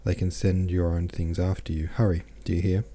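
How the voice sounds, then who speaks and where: A man's voice: deep voice, little pitch movement, a little fast, warm tone. A man reading the lines of a stern, dignified older father in a novel, formal and firm.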